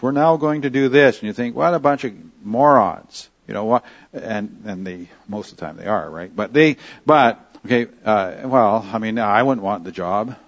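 Man teaching a sermon, slightly dull sound. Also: mid-range voice. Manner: conversational, asks the room questions; slows down to stress key phrases. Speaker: pastor.

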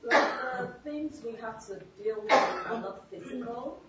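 A woman's voice: a little high, a little slow, fairly bright tone. A woman in a Bible class giving a tentative answer to the teacher. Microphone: far from the mic. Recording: distant, very echoey, noisy, dull room recording.

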